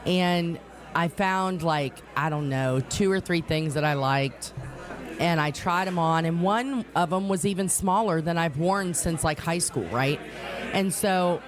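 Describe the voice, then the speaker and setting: A woman, a radio co-host telling a story in casual chat, often laughing. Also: fairly low pitch. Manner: laughing storyteller, animated retellings.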